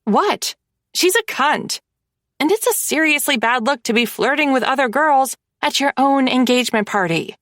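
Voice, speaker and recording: A bratty young mafia sister, put on by a woman reading an audiobook, all sarcasm and fake sweetness. Her voice sits high and swings widely as she mocks. The sound is dry and close. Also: expressive, moderate pace, a bit bright, no echo. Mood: snarky. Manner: snarky, mocking, gushing.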